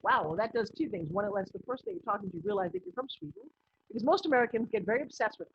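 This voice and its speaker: A woman business coach giving a recorded online course lesson in a lively, conversational way, acting out bits of dialogue. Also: on the high side, rapid-fire, gravelly, a little hiss or hum. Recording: slightly muffled lo-fi audio.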